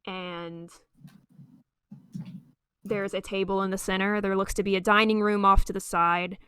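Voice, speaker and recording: A woman's voice: medium pitch, flat delivery, a little slow, sharp tone, clean tone, no echo, studio quality. A young woman narrating as game master for a tabletop role-play, a little hesitant. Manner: hesitant, with frequent ums.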